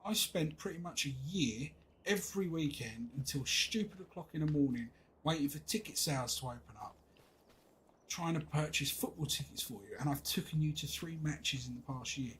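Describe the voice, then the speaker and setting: A man's voice: fairly high pitch, normal speed, fairly bright tone, slight background noise, low-quality recording. A middle-aged English man, streaming a game and chatting casually, rambling through exasperated stories with laughs. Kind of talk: casual chat while gaming.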